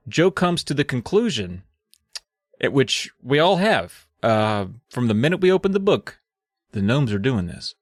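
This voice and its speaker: Lively man with a dry close sound. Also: medium pitch, a little slow, no echo. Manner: rambling, loses his place, laughs at his own bits. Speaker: podcast co-host retelling a book. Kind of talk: casual comedic chat.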